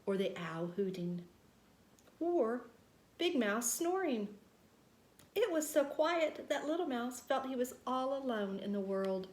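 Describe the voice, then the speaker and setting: Woman storyteller, slow unhurried bedtime read, higher voice, roomy echo. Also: animated, a little mellow, a little hiss or hum. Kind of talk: children's read-aloud.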